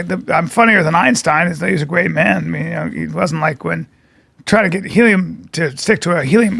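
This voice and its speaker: A man's voice: fairly high pitch, creaky, fairly bright tone, dry recording. A man co-hosting a podcast, chatting casually and telling rambling stories that stop and restart. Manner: rambling, self-interrupting storyteller. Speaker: podcast co-host and comedian. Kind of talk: casual chat.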